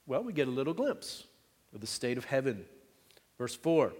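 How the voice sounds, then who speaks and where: A pastor preaches in an easygoing, conversational way, mixing light humor with rhetorical questions to his congregation. His voice sits at a middling pitch for a man. The sound rings out with the long reverb of a large church hall. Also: big pitch swings, moderate pace, long pauses, darkish tone, husky. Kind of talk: sermon.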